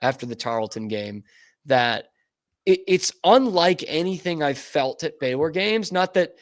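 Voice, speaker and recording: A man's voice: on the high side, expressive, a little slow. A man hosting a sports podcast, chatting casually and with enthusiasm. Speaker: podcast host.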